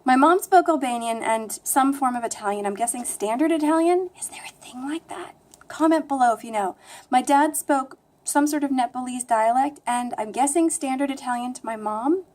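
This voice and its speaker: Young woman vlogger, flat American accent, slightly high, self-deprecating and chatty. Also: moderate pace. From United States. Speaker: language vlogger. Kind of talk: casual talking-to-camera vlog.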